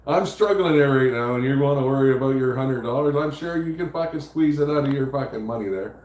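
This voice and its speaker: A man's voice: mid-range voice, normal speed. Male livestream host, mid-range voice, profane, rambling storyteller, echoey room. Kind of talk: casual chat.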